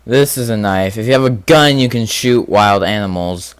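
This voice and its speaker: A man hosting a casual gaming video, rambling and thinking out loud with lots of fillers as he answers quiz questions. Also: fairly low pitch, normal speed, clear, resonant tone, dry recording. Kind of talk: casual commentary on a quiz game.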